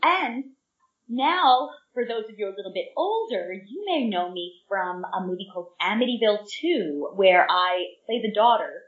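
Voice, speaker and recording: A woman's voice: medium pitch, expressive, moderate pace, far from the mic. Bubbly woman in her fifties, interview guest, rambling, echoey room, off-mic. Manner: bubbly and eager, talks in long rambling runs. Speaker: guest, actress. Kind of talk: casual interview chat. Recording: dull, echoey remote audio from off-mic.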